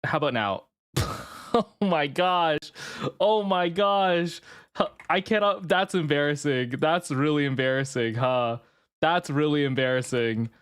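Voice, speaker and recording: A young adult livestreamer chatting casually and excitably with viewers, often repeating phrases. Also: medium pitch, unhurried, clean tone.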